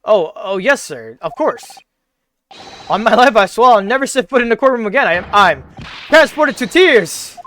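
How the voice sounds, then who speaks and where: A man voicing a nervous, excitable young student abroad who stammers and gushes in alliterative bursts. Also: high voice, normal speed, a little hiss or hum, heavily acted. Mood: jubilant.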